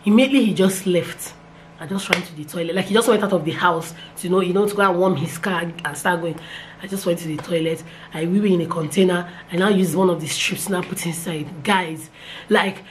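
Young Nigerian woman, casual storytime vlog, lively and repetitive, faint hiss behind. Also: fairly quick. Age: young adult. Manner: animated, repeats phrases, pitch jumps when excited. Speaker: vlogger.

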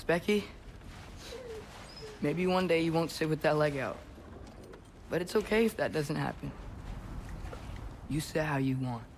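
An actor playing an earnest, gentle, determined teenage boy in a video game. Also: on the high side, measured pace, long pauses, background noise.

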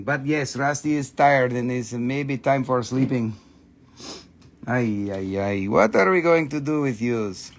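A tired man hosting a late-night live crystal sale, joking and swearing in loose, non-native English as he pitches each piece. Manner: playful, joking and profane, with non-native phrasing; animated, jumps between teasing and pitching. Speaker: crystal seller hosting a live sales stream. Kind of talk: casual live sales chatter.

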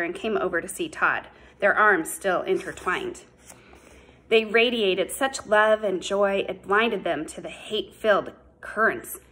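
Brief: female audiobook narrator, mid pitch, breathy and husky, steady. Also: poor audio. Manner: measured, unhurried storytelling.

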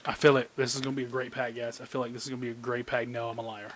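A man giving casual, jokey commentary as he opens trading card packs, excitable and talking to his cards. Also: mid-range voice, very fast, slight background noise. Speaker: card collecting YouTuber. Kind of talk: casual pack-opening commentary.

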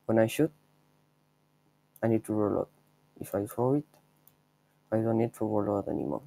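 A man's voice: lowish voice, normal speed, gravelly, dark tone, poor audio. A young man giving offhand, rambling commentary over his own gameplay, showing a trick step by step. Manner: offhand, rambling, chuckles at himself. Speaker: gameplay video maker.

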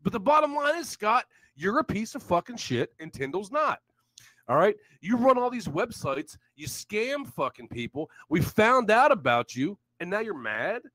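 A young man ranting loudly on a live stream, swearing constantly and laughing in mockery. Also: high-pitched, sing-song, moderate pace, dry recording. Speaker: livestream host.

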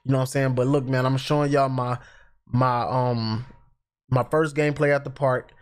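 A man's voice: mid-range voice, fairly even intonation, moderate pace. A man, a gaming YouTuber, gives hyped, chatty live gameplay commentary and talks straight to his viewers. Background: music.

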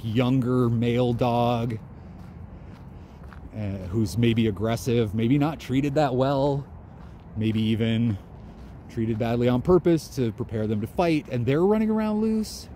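A man's voice: medium pitch, takes it slowly, mellow, a little hiss or hum. A man vlogging outdoors in a park, musing in a loose, conversational way. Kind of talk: casual outdoor monologue.

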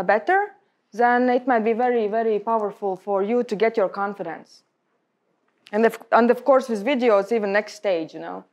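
Speaking as a guest, a young adult Latvian woman delivers a talk on public speaking to a roomful of colleagues, her non-native English emphatic yet halting. Her voice is mid-range, and the recording has its highs cut off.

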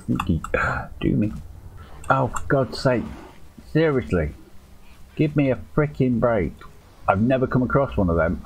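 A man's voice: medium pitch, slight background noise, poor audio. A man chatting through a live game stream, joking and swearing in exasperation. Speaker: gaming streamer. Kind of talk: live-streamed gameplay chat.

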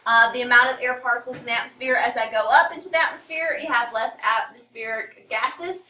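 A woman's voice: a little high, steady tone, brisk, bright, forceful tone, a little hiss or hum. A woman teacher giving a casual classroom lecture, full of fillers and asides. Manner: casual, rambling, many fillers. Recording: echoey classroom from a distance.

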